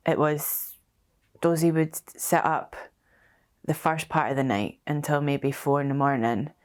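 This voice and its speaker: A young woman telling her story as a bereaved mother, halting and emotional, with many restarts. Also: sits low, darkish tone. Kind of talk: personal testimony.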